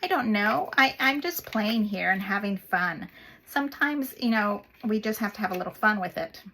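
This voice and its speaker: A woman's voice: medium pitch, expressive, normal speed, pushed and bright. A woman hosting a paper craft video, chatting casually as she works and gushing over the little details.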